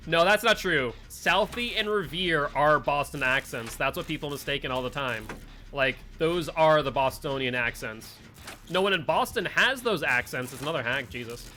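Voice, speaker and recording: A man streaming a game live, chatting casually with his friends and chat, full of "like" and quick asides. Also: on the high side, expressive, pushed and bright, slight background noise. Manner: chatty, filler-heavy, talks to chat and friends.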